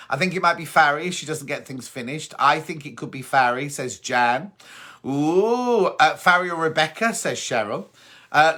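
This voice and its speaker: A man's voice: on the high side, bright, forceful tone. A man hosting a casual live stream on his phone, chatting and reading out viewer comments one after another. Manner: chatty, reads out comments and answers them. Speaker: host.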